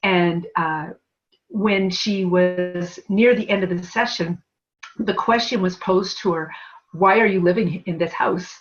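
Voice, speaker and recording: A woman with a fairly low voice talks as an interview guest over a dull, lo-fi recording. She rambles, piling up fillers and restarting her sentences as she goes. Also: steady tone, a little slow. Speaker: guest, energy healer. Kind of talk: casual interview talk. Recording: dull lo-fi sound.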